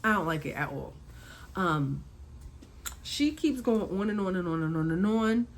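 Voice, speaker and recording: A woman's voice: measured pace, slight background noise, low-quality recording. Chatty woman recapping with repeated emphasis. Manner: animated, repeats points, acts out quotes in a high voice. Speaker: reality TV recap host. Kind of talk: casual recap commentary.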